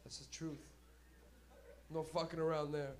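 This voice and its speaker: A young man hosting a comedy night and telling stand-up stories in a loud, profane way, breaking into laughter, in a small club. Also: fairly high pitch, little pitch movement, a little slow. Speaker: comedy host. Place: small smoky comedy venue.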